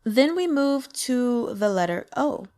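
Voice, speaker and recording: A woman's voice: on the high side, lively intonation, a little slow, warm tone. A woman and native English speaker teaching pronunciation in a casual lesson, upbeat and demonstrating sounds with exaggerated examples. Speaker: language teacher.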